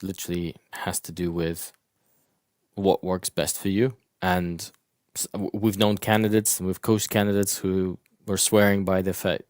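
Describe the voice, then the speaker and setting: A man co-hosting a live interview coaching session, reading viewer questions aloud and answering them in a relaxed, casual way. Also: low voice, unhurried, no room sound, clean studio sound.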